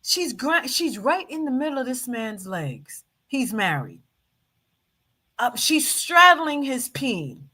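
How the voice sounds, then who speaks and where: A woman's voice: high voice, slow pace, slightly rough. A woman hosting a casual live stream, teasing and commenting on a video clip while greeting her chat. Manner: animated, teasing, talks back at the clip and the chat. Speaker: show host reacting to a video clip.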